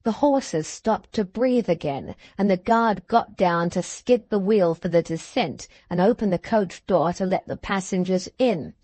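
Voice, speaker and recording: A woman reading a classic novel aloud as an audiobook narrator, in measured storytelling. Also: mid-range voice, mellow, dry recording. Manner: measured storytelling, voicing the characters.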